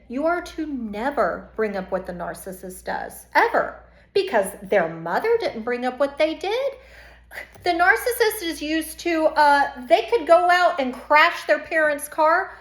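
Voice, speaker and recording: A woman's voice: on the high side, a bit bright, roomy sound. A woman coach talking straight to camera in a casual monologue, emphatic and repeating phrases for effect. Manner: emphatic, acts out quoted voices. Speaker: self-esteem coach.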